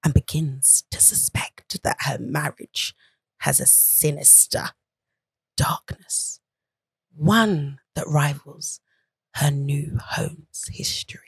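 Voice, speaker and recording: A woman voicing a creepy horror narrator in a slow, breathy whisper, as whispered role-play. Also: sits low, steady tone, no echo, voice pushed down, full character voice. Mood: eerie.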